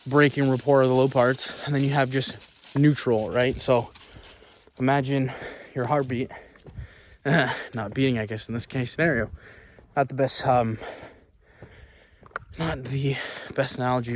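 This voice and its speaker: A man's voice: mid-range voice, steady tone, a little slow, long pauses, slight background noise. A man giving casual sales coaching while walking outdoors on hilly ground, emphatic and repetitive, checking in with "okay?" and "right?". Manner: emphatic, repeats words, frequent "okay?" and "right?"; talking while walking, puffs between thoughts.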